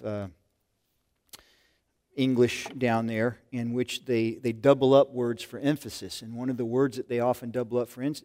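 An older man delivers a sermon in an earnest, conversational manner. His voice sits at an ordinary middle pitch, and he often circles back and restarts a phrase as he teaches. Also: darkish tone. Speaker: pastor.

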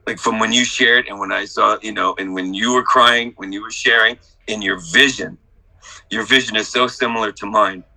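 A middle-aged man on a group video call, swearing freely and moving from quiet confession to shouted hype-man enthusiasm. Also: steady tone, normal speed, rough recording. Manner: profane, exuberant, hype-man energy swinging from low confession to shouting. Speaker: workshop participant.

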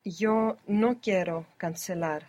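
A woman's voice: medium pitch, takes it slowly, darkish tone. A woman taking a language lesson as a student, giving short, careful answers.

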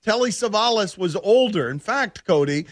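Animated man hosting sports radio. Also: sits high, normal speed, no room sound, studio quality. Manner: animated, argumentative, rambling tangents. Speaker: radio host. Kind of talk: sports talk radio banter.

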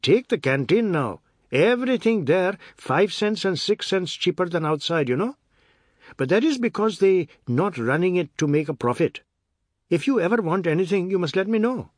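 Man voicing a boastful warden, raised pitch, pushy, dry sound. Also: expressive, moderate pace, no echo. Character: brash loud male city asylum warden.

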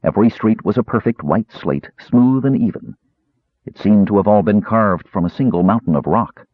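Deep man, husky, lively audiobook narration, dry, tinny phone-like sound. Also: moderate pace, no room sound. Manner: expressive storytelling. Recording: tinny lo-fi narrow band.

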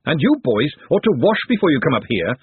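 A man's voice: on the high side, big pitch swings, slightly rough, no room sound, pitched above the performer's own voice, heavily acted. A man putting on a bossy woman cook. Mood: scolding. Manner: scolding, brisk. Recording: tinny phone-like line.

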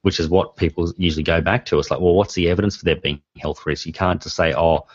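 A man's voice: low-pitched, fairly even intonation, fast, slightly rough, no echo. A man in his forties, a podcast host who tells rambling stories and laughs often. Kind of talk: casual chat. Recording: dry, dull lo-fi sound.

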